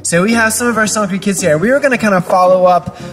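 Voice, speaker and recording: Talking fast at a medium pitch, a woman kids pastor interviews children on a church show. She's upbeat and encouraging, teasing them playfully with her questions, and her chatty delivery is full of fillers and restarts.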